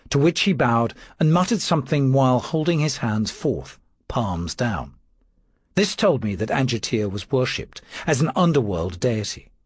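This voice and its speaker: A man narrating an audiobook in the first person, wry and expressive. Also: mid-range voice, slightly rough, no room sound, clean studio sound.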